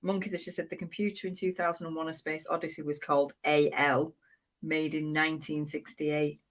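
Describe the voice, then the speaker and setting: A woman's voice: low voice, level tone, a little fast. A middle-aged woman co-hosting a casual live chat, reading viewer comments, teasing and laughing often. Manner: giggly, teasing, laughs a lot.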